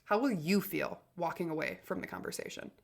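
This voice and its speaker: A woman hosting a self-help podcast, talking in an energetic, emphatic way with restarts and big swings between loud and soft. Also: lowish voice, fairly quick, vocal fry. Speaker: podcast host.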